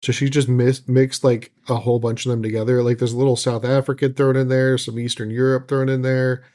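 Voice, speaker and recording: A man's voice: medium pitch, flat delivery, fairly quick, mellow. A man co-hosting a podcast, talking loosely with many likes and hedges. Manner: loose, hedging talk full of like. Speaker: podcast co-host. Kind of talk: casual chat.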